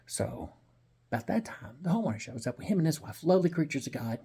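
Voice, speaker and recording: A man's voice: on the high side, very animated, fast, gravelly, mellow, breathy edge. A man telling a personal story in a casual, blunt, profane and rambling way.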